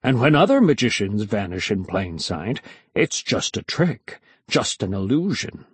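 A man voicing a showy male stage magician who speaks slowly and dramatically. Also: fairly low pitch, very animated, slightly rough, no room sound, full character voice. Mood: ominous. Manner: slow, dramatic, theatrical.

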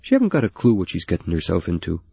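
A husky man reading as a sullen, foul-mouthed teenage boy, slow and sour. The recording is dry and slightly muffled. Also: low-pitched, huge pitch swings, warm tone, no echo, full character voice. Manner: sullen, crude.

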